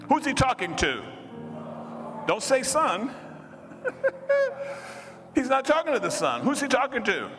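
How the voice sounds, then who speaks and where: A man preaching a sermon, leading call-and-response with the congregation and rising to shouts. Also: very high voice, huge pitch swings, slow pace, long pauses. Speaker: pastor. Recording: reverberant hall with music behind.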